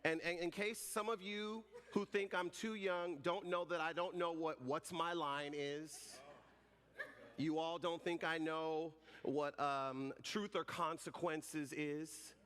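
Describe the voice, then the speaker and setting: Pastor, male, 40s, lively jokey storyteller, slightly high voice, long hall reverb. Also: takes it slowly, smooth. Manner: animated, joking storyteller. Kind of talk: sermon.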